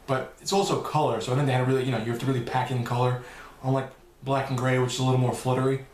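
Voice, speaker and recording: A man's voice: medium pitch, flat delivery, very fast, darkish tone, roomy sound, a little hiss or hum. A man answering viewer questions in a loose, rambling vlog, swearing now and then. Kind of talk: casual Q&A vlog.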